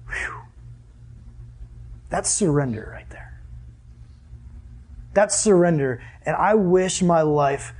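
Husky, high-voiced earnest young preacher. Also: male voice, a little mellow. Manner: earnest, conversational preaching with rhetorical questions. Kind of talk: sermon.

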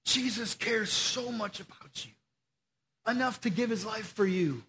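A man preaching a casual sermon to young people, slangy and animated as he tells the story. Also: sits high, a little slow, a little hiss or hum.

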